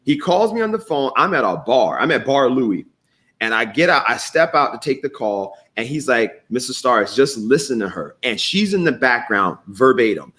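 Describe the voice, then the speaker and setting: Animated man hosting a morning talk show. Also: medium pitch, normal speed. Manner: animated storyteller, swears freely, reads comments aloud. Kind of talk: live show commentary reading viewer comments.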